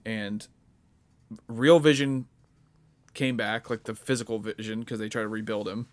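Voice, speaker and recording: A man's voice: fairly low pitch, steady tone, measured pace. Rambling young man chatting casually. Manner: rambling, many fillers and restarts. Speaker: podcast co-host. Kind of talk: casual chat.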